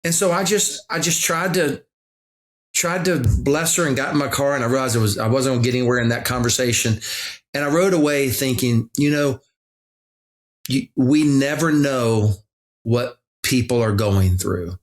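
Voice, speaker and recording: A man's voice: medium pitch, moderate pace. A middle-aged man, a pastor guest on a podcast, talking earnestly and reflectively, often restarting his sentences. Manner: earnest storytelling with frequent restarts. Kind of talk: reflective conversation.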